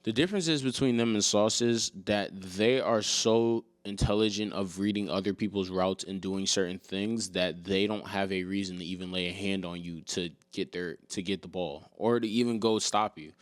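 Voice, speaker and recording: A man co-hosts a sports podcast in casual chat, ranting and teasing with lots of energy. His voice sits a little low and sounds dry and close to the mic. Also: fairly even intonation, moderate pace, hardly any pauses, no room sound. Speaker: podcast co-host.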